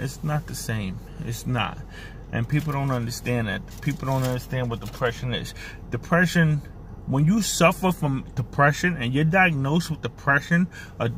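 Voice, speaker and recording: A man's voice: medium pitch, a bit bright, a little hiss or hum. A man talking straight to the camera in an earnest, repetitive and emotional way, recorded on the camera's own mic. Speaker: vlogger. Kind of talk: personal talk to camera.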